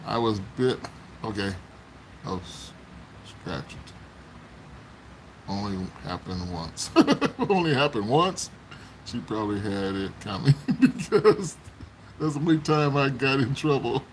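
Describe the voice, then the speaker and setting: A man hosts a casual live-stream from home using his phone, telling stories from his childhood and chatting with viewers, laughing frequently. His voice is medium-pitched and a little slow, captured in a low-quality recording with slight background noise.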